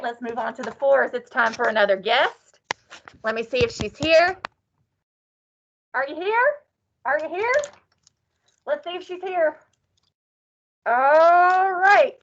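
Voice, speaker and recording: High, lively woman teaching. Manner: sing-song, animated, playful cowgirl cheer. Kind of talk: online class lesson. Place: classroom or office. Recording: dull lo-fi sound.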